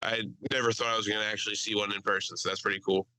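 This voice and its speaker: Loud, laughing guy. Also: on the low side, racing, no room sound, poor audio. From Delaware County, Pennsylvania. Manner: loud, animated, laughs often, swears freely. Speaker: podcast host. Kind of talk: casual podcast storytelling.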